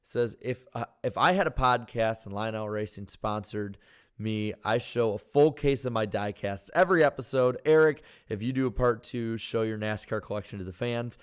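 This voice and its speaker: A man with a worn-out, hoarse voice, co-hosting a casual podcast and reading out viewer super chats with halting restarts. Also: fairly low pitch.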